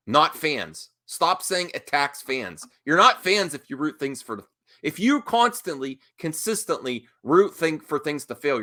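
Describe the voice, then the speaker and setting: A man's voice: mid-range voice, pushed and bright. A man doing heated reaction commentary, talking back at a video clip in a combative, mocking way.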